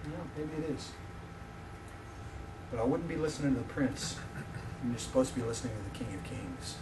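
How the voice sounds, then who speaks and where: A man in his fifties, a visiting preacher, telling personal stories in a sermon with animated, joking delivery to his audience. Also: mid-range voice, fairly quick, recorded from a distance, background noise. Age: 50s. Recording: echoey hall, voice from off-mic.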